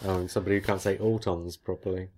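Man, low voice, podcast co-host, casual chat, animated reading. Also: fast, a little hiss or hum.

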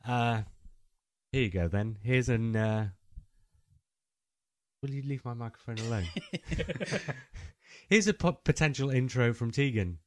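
A man's voice: medium pitch, lively intonation, measured pace, pauses often, no echo. A man from England hosting a casual podcast, reading a listener's email aloud and slipping into silly character voices.

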